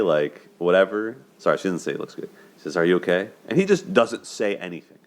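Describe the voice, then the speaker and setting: A man's voice: sits low, animated, a little fast. A man hosting a show, casually breaking down a movie's romance in a chatty way, often checking in with "right?" and laughing. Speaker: host of a dating and movie commentary show.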